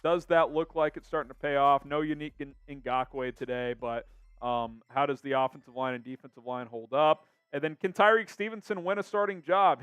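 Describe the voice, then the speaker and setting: A man's voice: on the high side, a bit bright, clean tone, no echo. A young man hosting a casual sports live stream, reading out viewer comments in an upbeat way.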